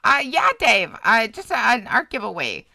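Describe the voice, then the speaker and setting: Bright-voiced woman, sarcastic stream host. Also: on the high side, big pitch swings, normal speed, creaky, dry recording, poor audio. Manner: sarcastic, chatty asides. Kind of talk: casual reaction commentary.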